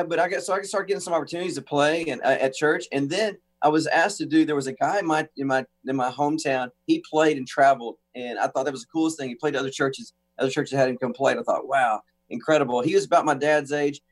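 A man from the United States, a guest on a talk show, telling an animated story with acted-out quotes and frequent restarts. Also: on the high side, fast talker. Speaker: guest musician.

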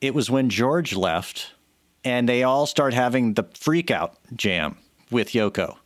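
A man's voice: mid-range voice, expressive, measured pace, no room sound. A man cohosting a podcast, chatting casually and giving strong opinions with many restarts, into a microphone. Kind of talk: casual chat. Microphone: studio microphone.

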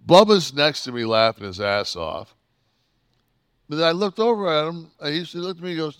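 A man in his sixties co-hosting a podcast, telling stories, swearing constantly and acting out his own shouting. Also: on the high side, expressive, normal speed, clear, resonant tone, dry recording, clean studio sound. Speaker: podcast co-host. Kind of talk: profane storytelling chat.

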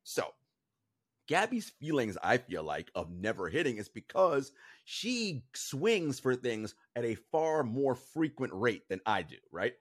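A man's voice: mid-range voice, unhurried, husky. Guy cohosting a chatty sneaker show, voice swings up and down a lot, keeps restarting his words. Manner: animated, rambling, repeats words while thinking. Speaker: podcast co-host. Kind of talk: casual chat.

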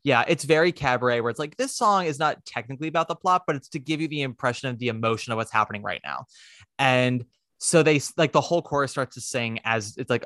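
A man's voice: medium pitch, lively intonation, brisk, fairly bright tone, no echo, studio quality. A man co-hosting a casual chat about theater, rambling and joking, with a habit of putting on silly voices. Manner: rambling, jokey, swears, does silly voices. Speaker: podcast co-host.

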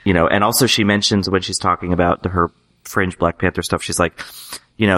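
A man's voice: low voice, fairly even intonation, brisk, fairly bright tone. A man co-hosting a TV recap podcast, talking casually and hesitantly with many you-knows. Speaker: podcast co-host. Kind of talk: casual chat.

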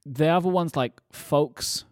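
A man's voice: mid-range voice, animated, a little fast, no room sound. Joking British man, dry close sound. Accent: British English. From Britain. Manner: joking, teasing, laughs often. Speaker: podcast host. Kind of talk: casual chat.

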